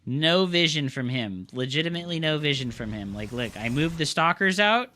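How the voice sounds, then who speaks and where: A young man with a fairly high, animated voice is streaming live game commentary at a normal speed, his tone sharp. He rants in frustration, swearing constantly in loose, slangy gamer talk.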